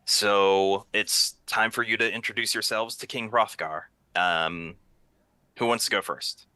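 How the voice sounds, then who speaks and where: A man's voice: lowish voice, steady tone, measured pace, bright, forceful tone, clear, resonant tone, no room sound. A man narrating a tabletop game as game master, hesitant and often repeating words.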